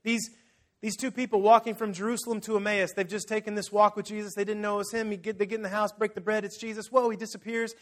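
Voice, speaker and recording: A fast-talking pastor whose voice sits high tells the sermon's story with energy. Acting out each scene, he speaks directly to those gathered before him.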